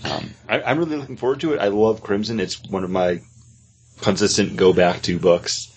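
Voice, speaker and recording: A man's voice: fairly low pitch, steady tone, moderate pace, a little hiss or hum. A man co-hosting a casual podcast chat, enthusiastic, often restarting his sentences. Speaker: podcast co-host.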